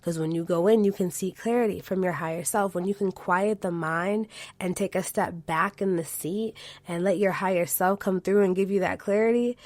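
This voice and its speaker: A woman's voice: on the low side, steady tone, normal speed, a little mellow, dry recording. Dry-voiced woman hosting a self-help podcast. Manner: affirming, coaching, says okay and right often. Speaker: podcast host.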